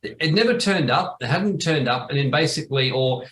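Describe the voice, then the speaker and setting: A man's voice: a little high, animated, fairly quick, a bit bright. A man hosting a webinar, telling rambling, blunt anecdotes with some salty language. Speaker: webinar host. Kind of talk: casual storytelling. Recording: roomy echo with faint noise.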